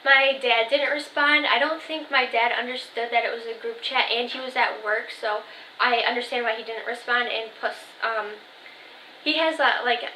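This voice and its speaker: A woman's voice: fairly high pitch, sharp tone, slight background noise. A twenty-year-old woman vlogging in casual chat, telling a story with lots of "like" and "um" and quoting her family's texts. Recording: echoey room.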